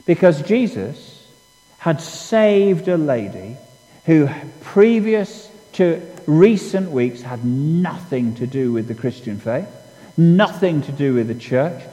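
A man's voice: on the high side, very animated, slow pace, warm tone, long reverb tail, poor audio. A man preaching a sermon, telling stories in a conversational, self-deprecating way with many restarts. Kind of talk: sermon with storytelling.

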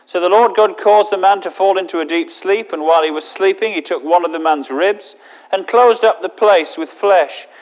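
High-voiced preacher in an echoey hall. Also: male voice, moderate pace, lo-fi sound. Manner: relaxed, chatty asides between readings. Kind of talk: sermon with scripture reading.

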